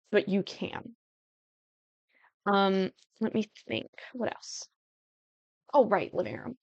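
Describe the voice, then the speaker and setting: A young woman who makes Sims building tutorials chats casually through her gameplay as she builds, often breaking off mid-thought to giggle. Her medium-pitched voice has vocal fry and a darkish tone, and the recording is muffled but free of echo.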